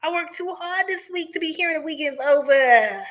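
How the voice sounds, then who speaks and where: A woman's voice: sits high, a little fast, fairly bright tone. A young woman, hosting a tarot reading livestream and chatting casually with viewers, laughing often and making playful puns. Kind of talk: casual live-stream chat reading viewer comments.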